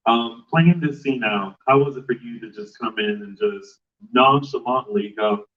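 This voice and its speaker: A man hosts a relaxed live chat, asking his guests questions in a stop-and-start way. He sits well back from the microphone. The sound is dull and muffled, like a rough first try at live streaming. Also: mid-range voice. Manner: halting, full of "you know" fillers. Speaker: podcast host interviewing guests. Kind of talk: casual live interview. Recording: muffled live stream audio, distant mic.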